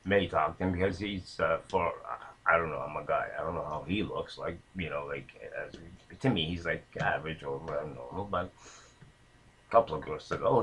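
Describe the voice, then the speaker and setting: Man, low voice, a bit raspy, casual rambling storytelling, lots of "uh" and "like". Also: fairly bright tone, low-quality recording. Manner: rambling, many fillers and restarts. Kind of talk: casual spoken anecdote.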